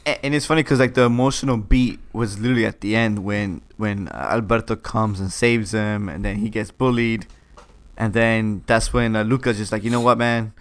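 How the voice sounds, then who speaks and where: A man co-hosting a casual film review podcast, laid-back and agreeable, often trailing off quietly at the ends of his thoughts. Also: on the low side, moderate pace. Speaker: podcast co-host.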